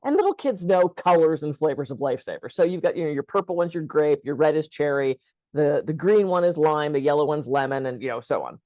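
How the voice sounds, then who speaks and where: Lively storytelling woman, dry close sound. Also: low-pitched, a little fast, no echo, lo-fi sound. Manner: lively storyteller, acts out quoted lines. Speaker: podcast co-host. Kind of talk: casual podcast conversation.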